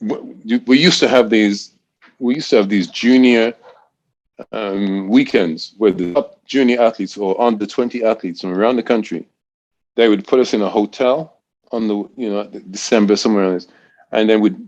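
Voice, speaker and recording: A man's voice: lowish voice, moderate pace, darkish tone, lo-fi sound. A man in his sixties from Great Britain, a college throws coach telling stories in a casual interview, rambling with frequent restarts.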